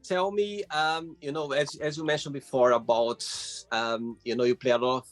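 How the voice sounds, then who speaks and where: A man's voice: medium pitch, fairly even intonation, moderate pace, soft background music. A man hosting a casual interview, asking questions with frequent hesitations and fillers. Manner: hesitant, filler-heavy phrasing. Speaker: host.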